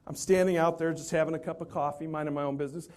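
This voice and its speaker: Male motivational speaker, fairly high voice, animated, self-deprecating humor. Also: racing. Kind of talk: humorous storytelling talk.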